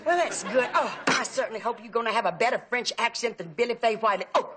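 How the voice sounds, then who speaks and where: An actress playing a chatty, fussy aunt who rambles through gossip and stories. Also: female voice, a little high, fast, background noise, close to an everyday voice. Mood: gossipy. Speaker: aunt staying with the family. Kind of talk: sitcom acting.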